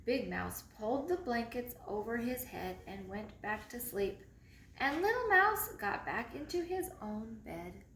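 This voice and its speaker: Woman storyteller, children's book read-aloud: slow, highly expressive, echoey room. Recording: echoey room, faint background noise.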